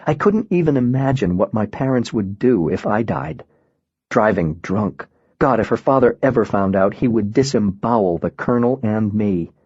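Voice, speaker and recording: A man narrating an audiobook in a subdued, measured way. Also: fairly low pitch, animated, a little mellow, slightly rough, no echo, muffled recording.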